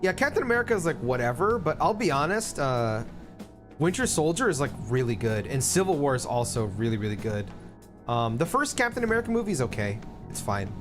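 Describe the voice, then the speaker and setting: A man's voice: fairly high pitch, sing-song, fairly quick. A man from the Philippines chatting casually and profanely while streaming a game, with rambling asides and jokes. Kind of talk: casual live-stream chat over gameplay. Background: game music.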